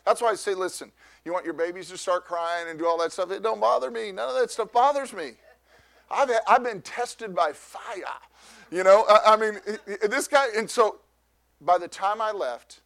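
Middle-aged male pastor, high voice, loud and animated storytelling sermon, frequent restarts. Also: vocal fry.

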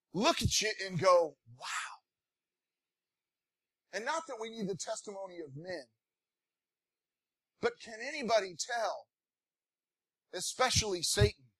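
A pastor preaching a sermon in a folksy, conversational way, growing animated and breaking into shouts of praise. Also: male voice, extremely high pitch, no echo.

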